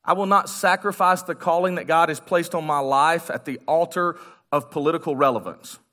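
A man's voice: fairly high pitch, fairly even intonation, normal speed, sharp tone. A man giving a sermon as guest pastor, joking and conversational with the congregation in a church. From United States. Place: church sanctuary.

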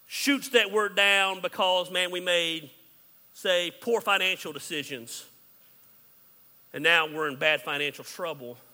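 A man preaching a sermon as pastor, candid and joking, swinging between loud emphasis and hushed asides. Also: high-pitched, big-room sound.

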